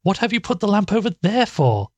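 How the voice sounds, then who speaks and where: A peremptory, impatient woman speaks in a raised, clipped voice, as a male narrator puts her on. She scolds in a storybook reading, her tone sharp and demanding, with a husky edge to the sound. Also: on the high side, lively intonation, normal speed, no room sound, dull audio, voice pushed up. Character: impatient sharp-tongued woman sewing for a funeral.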